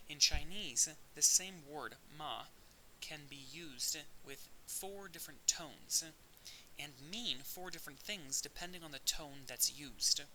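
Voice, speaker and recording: A man's voice: fairly high pitch, measured pace, bright, forceful tone, low-quality recording. A man recording an audio lecture, explaining step by step with occasional restarts. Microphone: audio-only recording. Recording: faint hiss.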